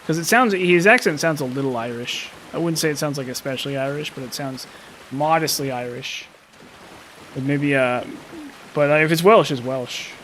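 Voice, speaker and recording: A man commentating his gameplay in a loose, rambling way, thinking out loud and poking fun at himself. His voice sits a little high. A faint background hum sits under the talk. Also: moderate pace. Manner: rambling, thinking aloud, self-deprecating.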